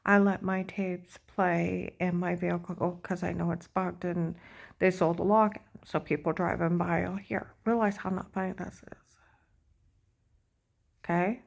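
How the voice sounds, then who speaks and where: A woman's voice: fairly low pitch, creaky. A woman talking in a rambling, agitated personal monologue, full of fillers and repeated check-ins. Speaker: vlogger.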